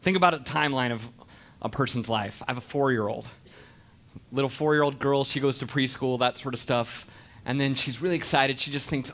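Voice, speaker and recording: A man in his thirties giving an animated, expressive storytelling talk to an audience. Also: mid-range voice, a little fast. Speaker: speaker.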